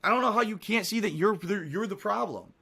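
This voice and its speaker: A man's voice: high voice, brisk, creaky, sharp tone, husky. A man live-streaming and talking to his chat, ranting heatedly with a lot of swearing. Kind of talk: unscripted stream talk to chat.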